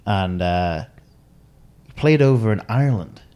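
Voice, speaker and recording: Young male podcast co-host, lowish voice, rambling and giggly storyteller. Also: expressive, slow, dark tone, clear, resonant tone. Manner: rambling, laughs often, acts out quotes. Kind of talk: casual storytelling chat.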